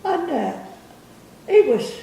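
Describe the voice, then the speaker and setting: A woman's voice: very high-pitched, big pitch swings, takes it slowly, gravelly, mellow, a little hiss or hum. An older woman telling rambling family stories, repeating words and laughing as she goes. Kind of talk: casual storytelling. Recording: echoey room, distant mic.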